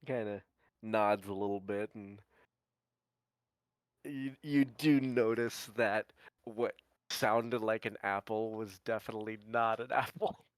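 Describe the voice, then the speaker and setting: A man playing in a tabletop game, narrating his character's actions slowly and hesitantly. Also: on the low side, steady tone, smooth, no echo. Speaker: player. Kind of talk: tabletop role-play narration.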